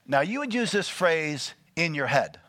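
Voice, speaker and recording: A man preaching a sermon, animated and full of call-and-response questions to the congregation. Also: a little high, measured pace, no room sound, clean studio sound. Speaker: pastor.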